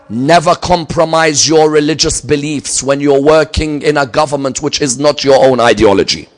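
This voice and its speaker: A man giving a religious lecture, telling a story and swinging from loud emphatic peaks to low, quiet asides. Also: brisk, few pauses. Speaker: Islamic lecturer.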